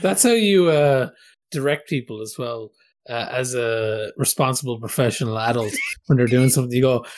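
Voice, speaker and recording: A man's voice: mid-range voice, normal speed. A man on a podcast chatting casually, joking and laughing as he talks. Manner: joking, laughs mid-sentence. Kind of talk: casual chat.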